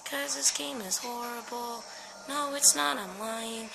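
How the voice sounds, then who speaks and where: A woman's voice: fairly high pitch, a little slow, gravelly, background noise. A woman giving jumpy, swear-laden commentary while playing a horror game. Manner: jumpy, swearing, talks to herself. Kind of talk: let's-play commentary.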